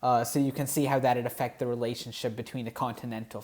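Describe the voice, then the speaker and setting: A man's voice: medium pitch, flat delivery, fast, a little mellow. A man who comments on the online posts he reads aloud, with dry, sarcastic asides. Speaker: YouTube commentator.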